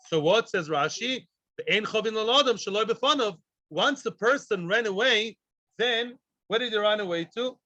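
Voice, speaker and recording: High-voiced, bright male Talmud teacher. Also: no echo, dull audio. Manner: lively teacher asking and answering his own questions; talks directly to students. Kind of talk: daily Talmud class.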